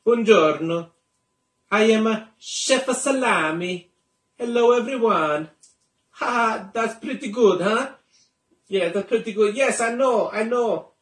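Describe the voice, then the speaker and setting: A man's voice: high voice, takes it slowly, fairly bright tone, echoey room, recorded from a distance, voice pushed up. A man doing a jolly Italian chef puppet. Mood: cheery. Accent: put-on Italian. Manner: cheery, chuckling.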